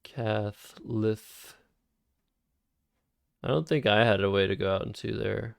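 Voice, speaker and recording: A man's voice: fairly low pitch, slow, creaky, no echo, studio quality. A man casually thinking aloud while playing word games on a live stream. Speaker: streamer and Scrabble player.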